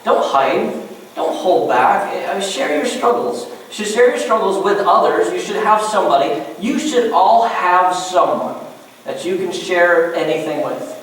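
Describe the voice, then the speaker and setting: A man preaching a sermon to his congregation as pastor, animated and joking in asides. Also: high-pitched, unhurried. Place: church. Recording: echoey church room from far off.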